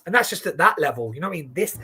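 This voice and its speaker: A man in his forties, an animated storyteller who swears freely and restarts his sentences often, chatting casually on a boxing stream. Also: on the high side, very fast, a little hiss or hum. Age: 40s. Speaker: boxing watchalong co-host. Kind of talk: casual chat.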